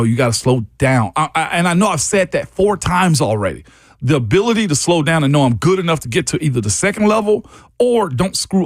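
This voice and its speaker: A man's voice: a little high, no room sound, studio quality. A man co-hosting a sports radio show, talking bluntly and in restarts as he breaks down line play. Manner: blunt, repeats himself, frequent restarts. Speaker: sports radio co-host, former lineman analyst.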